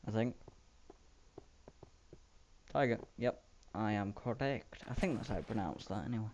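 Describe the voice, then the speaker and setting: Rambling, self-mocking, and fond of playful sound effects, this Minecraft let's player narrates his gameplay casually. His low, darkish voice has lively intonation, moves at normal speed, and leaves long pauses. A dull lo-fi home mic adds faint hiss.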